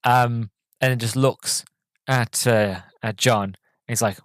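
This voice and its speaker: A man's voice: mid-range voice, fairly even intonation, slow pace, no echo. Rambling male podcast host, dry sound. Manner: rambling, filler-heavy, frequent "sort of". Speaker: podcast host, film reviewer. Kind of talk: casual solo review podcast.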